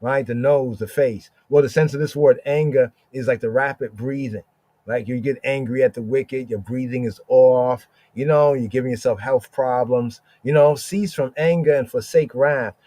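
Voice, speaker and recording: A man's voice: medium pitch, steady tone, warm tone, no echo. Man teaching scripture, keeps asking "right?". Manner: keeps asking "right?", drawls Hebrew words slowly. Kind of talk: informal scripture study podcast.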